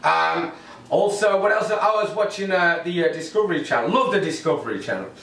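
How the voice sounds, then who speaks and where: A middle-aged English stand-up comedian performs a rambling, wry observational set to a camera in his living room. His voice is a little high, creaky, and bright, animated and forceful, running a little fast. The camera mic sits far off in an echoey room, picking up slight background noise.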